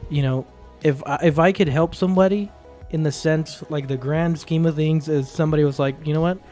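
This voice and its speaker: Earnest podcast guest, slightly high voice. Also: male voice, fairly even intonation, a little fast, darkish tone. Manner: earnest, searching for words with repeated starts. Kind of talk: casual podcast chat. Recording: lofi music underneath.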